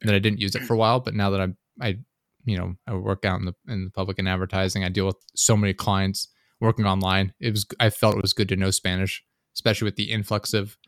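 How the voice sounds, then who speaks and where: A young man co-hosting a podcast, rambling casually and dropping deadpan jokes. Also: deep voice, fast talker, dry recording, studio quality. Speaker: podcast co-host. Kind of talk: casual chat.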